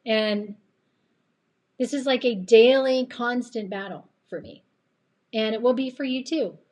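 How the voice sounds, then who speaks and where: A woman with a slightly tired voice giving an earnest, chatty faith-based motivational talk on a live stream, rambling and laughing often. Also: fairly high pitch. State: voice a bit tired late at night. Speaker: live-stream host and coach.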